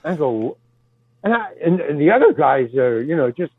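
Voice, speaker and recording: Older man rambling with lively, stammering delivery. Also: on the high side, normal speed, slightly rough, dry recording. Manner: stammering restarts, casual swearing. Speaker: guest actor telling stories. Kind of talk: rambling anecdotal storytelling. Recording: tinny phone-like dry sound.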